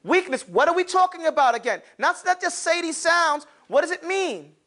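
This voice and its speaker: Speaking with an extremely high pitch at ordinary speed, a man takes his class through Arabic letters. He asks questions, names students to respond, sometimes supplies the answers himself, and tosses in informal slang with lively energy.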